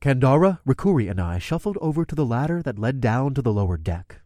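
A man's voice: mid-range voice, sing-song, fairly quick, mellow, no room sound, clean studio sound. Man narrating a fantasy audiobook. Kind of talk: first-person audiobook narration.

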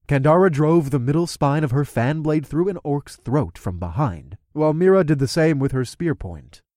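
A man's voice: on the high side, animated, normal speed, darkish tone, dry recording, clean studio sound. A man giving wry, first-person audiobook narration.

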